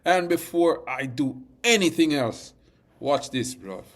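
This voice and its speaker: A man hosting a football fan channel, talking in slangy, animated bursts. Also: fairly high pitch, slow pace. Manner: animated, slangy, punctuates lines with "bruv". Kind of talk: excited fan reaction vlog.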